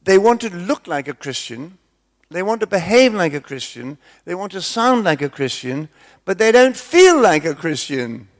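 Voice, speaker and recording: A man's voice: high-pitched, big pitch swings, moderate pace. A man preaching, chatty and self-deprecating, mixing humorous stories into his sermon. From Scotland.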